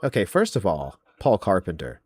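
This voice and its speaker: Low-voiced mocking podcast host man. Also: wildly swooping pitch, normal speed, a little mellow, dry recording. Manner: mocking, profane, trash-talking; reads viewer comments aloud. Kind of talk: casual chat.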